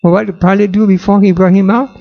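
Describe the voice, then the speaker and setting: A man's voice: sits high, level tone, quick pace, vocal fry, highs cut off. A man preaching a sermon dramatically, using rhetorical questions.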